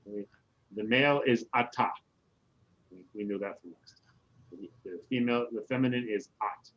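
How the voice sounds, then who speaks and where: A man, a rabbi, teaching a relaxed Hebrew class over a video call, often checking in with "right?". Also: fairly low pitch, moderate pace, lo-fi sound. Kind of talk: casual online class teaching.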